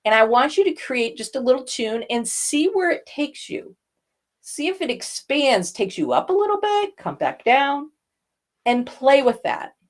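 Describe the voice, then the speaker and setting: A woman's voice: high voice, big pitch swings, measured pace. An older woman, a voice coach, teaching a lesson and demonstrating vocal effects as she explains.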